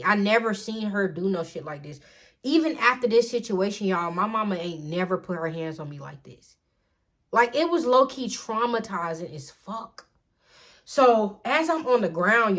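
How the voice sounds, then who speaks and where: A young adult woman telling a personal story casually to her viewers, chatty and digressive, addressing them again and again. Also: mid-range voice. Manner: chatty, digressive, says "y'all" constantly. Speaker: storytime vlogger.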